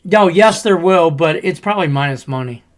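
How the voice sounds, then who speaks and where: A man co-hosting a casual sports betting podcast, rambling and profane as he tells animated stories. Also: fairly high pitch, moderate pace, a crowd in the background. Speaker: podcast co-host.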